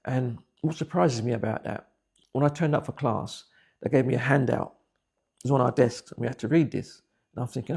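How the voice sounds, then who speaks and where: A man's voice: mid-range voice, fairly quick, gravelly, a little mellow, breathy edge. A man, giving blunt, plain-spoken personal testimony. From England. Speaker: interviewee.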